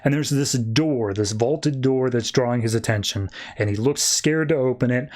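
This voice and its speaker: A man's voice: mid-range voice, normal speed. Man casually recapping a comic book. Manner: animated retelling, slipping into character voices. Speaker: podcast host.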